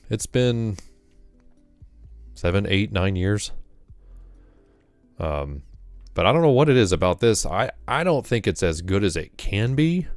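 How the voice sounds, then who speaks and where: A man's voice: deep voice, no echo. A man chatting casually during a live stream, rambling and correcting himself, a little out of breath after exercise.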